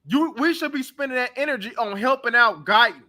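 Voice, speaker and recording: On his own talk show, a young man rants about football, bluntly calling out players while trash-talking in a heated, casual sports-reaction style. His voice is high, very bright and forceful, and he speaks a little fast.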